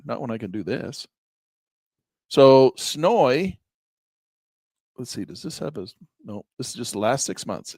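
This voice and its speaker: A man's voice: medium pitch, a little mellow, no echo. A man giving folksy, self-amused commentary on his investments while sharing his screen. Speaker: investing vlogger. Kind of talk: casual screen-share commentary.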